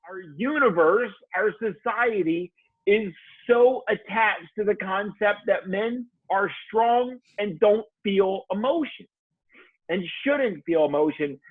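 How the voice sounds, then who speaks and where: A husky, somewhat high-voiced man talks with heartfelt earnestness, circling back and restarting as he goes. His voice comes through a tinny, phone-like line that sounds dry and close. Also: no echo. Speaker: leadership coach guest. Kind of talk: podcast interview.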